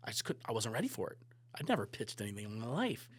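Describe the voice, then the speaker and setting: A man telling a story as a podcast guest, lively, swearing, moving from loud bursts to hushed asides. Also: lowish voice, fast, slightly rough. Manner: animated, swearing, swings between loud and hushed. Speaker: guest photographer and director. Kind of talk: casual storytelling.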